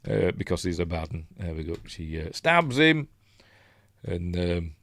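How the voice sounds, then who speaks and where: Yorkshire man, very deep voice, rambling easygoing host, casual film chat. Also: measured pace, no echo, studio quality. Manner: rambling, many ums and restarts.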